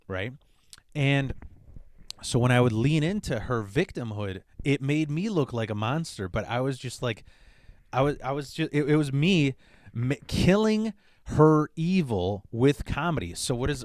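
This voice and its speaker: A man's voice: medium pitch, no echo, clean studio sound. Blunt, profane man hosting a podcast. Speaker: podcast host. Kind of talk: casual comedic monologue.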